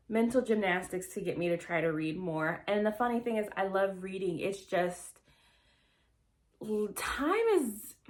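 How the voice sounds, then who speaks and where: A young woman vlogging about books in a casual, rambling way, full of fillers, restarts and self-mocking asides. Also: medium pitch. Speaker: book vlogger. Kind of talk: casual chat to camera.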